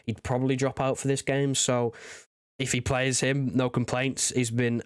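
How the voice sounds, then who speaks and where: A man, co-hosting a casual football podcast, giving measured, considered analysis. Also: mid-range voice, flat delivery, clear, resonant tone, dry recording, studio quality. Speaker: podcast co-host.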